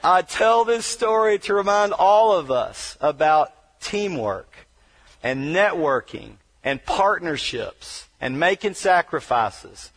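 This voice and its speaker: A man giving a motivational speech, telling a story dramatically and joking about himself, dropping to a hush and then shouting. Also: sits high, expressive, slow pace. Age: adult wheelchair user, paralyzed from injury. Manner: self-deprecating humor. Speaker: motivational speaker.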